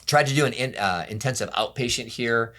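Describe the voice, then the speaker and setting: A middle-aged pastor telling his own story in an interview, candid and often quiet, acting out the voices of people around him. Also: mid-range voice, brisk. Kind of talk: personal testimony interview.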